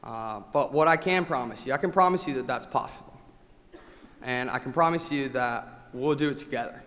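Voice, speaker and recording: A man delivers a motivational award speech at a company rally, with an impassioned delivery that swings between loud rallying cries and hushed gratitude. His voice sits at an ordinary middle pitch. A long reverb from the large hall trails every phrase. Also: brisk.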